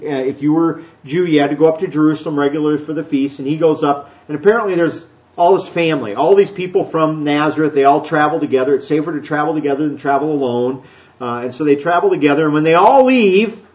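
A middle-aged man preaching a conversational sermon in church. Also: fairly high pitch. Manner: conversational, animated, acts out children's voices. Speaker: pastor. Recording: dull lo-fi church recording.

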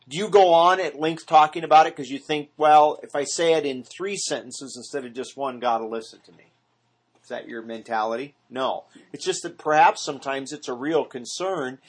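With a slightly high, breathy voice, this man teaches a small Bible study group in earnest. He frequently asks them questions and mimics the sound of repetitive prayer.

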